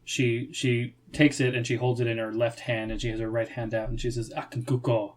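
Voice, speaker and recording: A man narrating as game master, in a relaxed way with frequent hesitations. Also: mid-range voice, fairly quick.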